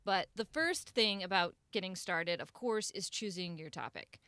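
Woman podcast host, lively and bright, playful, dry close sound. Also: on the low side, normal speed, no room sound. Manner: playful, laughs often, animated. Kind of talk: casual group chat.

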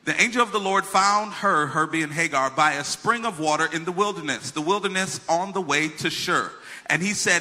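A pastor preaching a sermon, reading scripture with humorous asides and telling a childhood story in a conversational way. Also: male voice, on the high side, moderate pace, pushed and bright.

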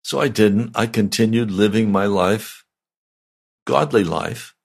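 An older man, a pastor, giving a slow, deliberate, conversational sermon. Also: fairly low pitch, gravelly, husky.

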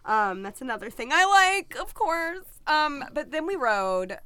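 A woman's voice: high voice, very animated, a little slow, a crowd in the background. A young woman chatting casually with a friend, bubbly and full of fillers. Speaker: vlogger. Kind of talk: casual chat.

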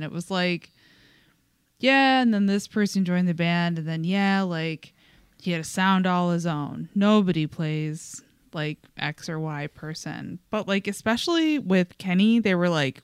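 A woman's voice: fairly low pitch, lively intonation, measured pace, smooth, no room sound, studio quality. A young adult woman co-hosting a podcast in casual chat, talking loosely with lots of fillers and acting out quotes. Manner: chatty, many "like" fillers, acts out quotes. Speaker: podcast co-host.

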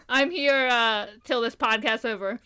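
A woman's voice: a little high, sharp tone, clean tone. A young woman from Maryland co-hosting a podcast, rambling and giggling through casual questions. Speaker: podcast co-host.

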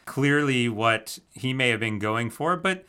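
A man co-hosting a podcast in easygoing chat, agreeing readily and thinking out loud. His voice is mid-pitched with a bright, forward tone. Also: lively intonation, measured pace, clear, resonant tone. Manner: agreeable, thinks aloud with fillers like "sure" and "right". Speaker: podcast co-host.

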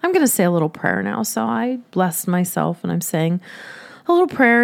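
A woman's voice: medium pitch, animated, moderate pace, vocal fry. A middle-aged woman telling a personal story in a chatty way, laughing often.

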